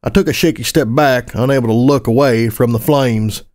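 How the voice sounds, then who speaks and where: A man reading a first-person story aloud as a narrator, gritty and expressive, with casual swearing. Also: medium pitch, moderate pace. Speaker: audiobook narrator.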